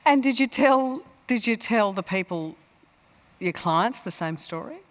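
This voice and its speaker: A woman's voice: medium pitch, lively intonation, a little slow, in a large hall. A woman interviewing a guest on stage, asking short follow-up questions. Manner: brief prompts and follow-up questions. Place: large conference hall on stage.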